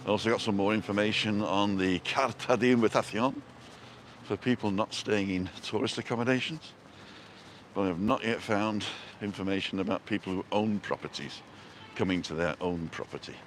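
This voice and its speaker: A man with a fairly low voice hosts a casual live walking vlog from a town street and park. He chats in a rambling way, says hello to viewers by name, and films on a handheld phone, with soft outdoor ambience behind him. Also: normal speed, slight background noise. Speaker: vlog host on a live stream.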